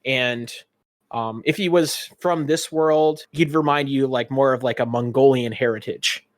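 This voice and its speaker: A man's voice: mid-range voice, a little slow, no echo. A man narrating as game master of a tabletop game, describing scenes in a rambling way with many fillers.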